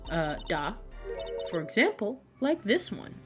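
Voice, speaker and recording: A woman voicing a nervous female waitress witness in a game, in a weak put-on Russian accent and halting broken English. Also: mid-range voice, sing-song. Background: game music.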